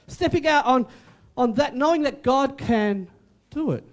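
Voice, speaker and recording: A man's voice: extremely high pitch, animated, normal speed. A man preaching a sermon as pastor, emphatic and repetitive, with joking asides.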